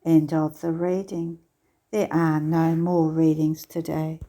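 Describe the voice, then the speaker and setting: A woman reading a devotional text aloud in a slow, measured, tender recitation. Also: low voice, little pitch movement, warm tone. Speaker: devotional reader. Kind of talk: scripture-style devotional reading.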